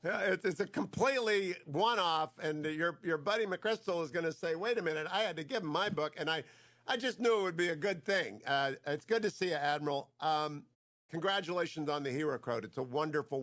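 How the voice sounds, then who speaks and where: A man's voice: on the high side, brisk, a bit bright. A man hosting a talk show interview, chatty and jokey, praising his guest before asking questions.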